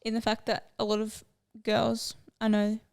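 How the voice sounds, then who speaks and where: A woman's voice: a little high, completely flat delivery, normal speed, vocal fry, smooth. A young woman co-hosting a podcast, chatting casually and rambling from one topic to the next. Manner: chatty, rambling, easily sidetracked. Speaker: podcast co-host. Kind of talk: casual chat.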